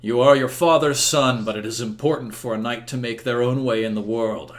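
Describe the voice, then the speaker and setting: A man voicing a stern, weary king who passes judgment in a slow, grave, measured way, in a tabletop role-play game. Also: medium pitch, fairly even intonation, natural voice. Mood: solemn.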